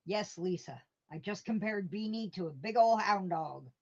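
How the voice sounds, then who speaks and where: A woman's voice: medium pitch, animated, moderate pace, darkish tone. A woman hosting a casual live stream from home, rambling through stories and answering her chat with chuckles. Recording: dull lo-fi stream audio.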